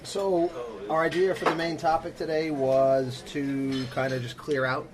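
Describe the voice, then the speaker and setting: A man's voice: on the high side, level tone, a little slow. A man co-hosting a podcast over dinner, chatting in a dry, teasing way. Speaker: podcast co-host. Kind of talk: casual chat over dinner. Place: diner. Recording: noisy diner crowd and cutlery behind.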